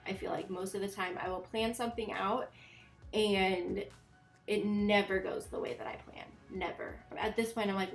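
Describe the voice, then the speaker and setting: A woman's voice: medium pitch, fairly even intonation, moderate pace, vocal fry, reverberant, faint music behind. A young woman vlogger chatting casually in a voiceover, congested and a bit nasal, rambling with lots of fillers.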